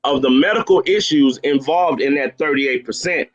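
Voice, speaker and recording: A man's voice: mid-range voice, moderate pace, dull audio. A man arguing in a heated call-in debate, stammering over his words and speaking bluntly in slang. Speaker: panelist in a debate.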